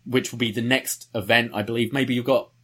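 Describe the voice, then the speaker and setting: Husky-voiced man chatting casually. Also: mid-range voice, fairly even intonation, brisk, pushed and bright. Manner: conversational, recounting wrestling history. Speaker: podcast co-host. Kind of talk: casual chat.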